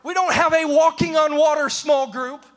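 A man preaches with a strikingly high, bright, ringing voice. He swings between quiet asides and shouted, half-sung refrains, driving his sermon in a rhythmic sing-song cadence. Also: steady tone, moderate pace. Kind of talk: pentecostal-style sermon.

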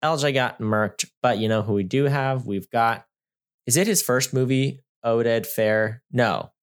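A male podcast co-host jokes his way through a casual movie review show, animated and laughing often, sometimes dropping into low mutters. His delivery is smooth and unhurried.

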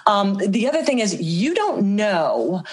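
A woman talking as a guest in a casual interview, earnest and plain-spoken. Her voice sits at an ordinary middle pitch. She hands out blunt life advice with a storyteller's flow. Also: sing-song, unhurried.

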